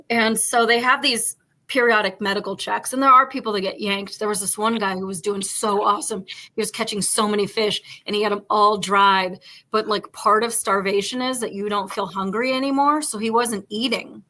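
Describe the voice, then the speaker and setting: Podcast host, woman, bright forceful voice, rambling casual storyteller. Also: mid-range voice, normal speed. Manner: rambling, animated storytelling full of fillers. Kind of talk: casual chat.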